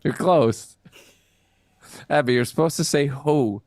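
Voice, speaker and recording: A man, a musician and producer, chatting casually as a guest with deadpan teasing and quick asides. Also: on the high side, no room sound, studio quality. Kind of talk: casual chat.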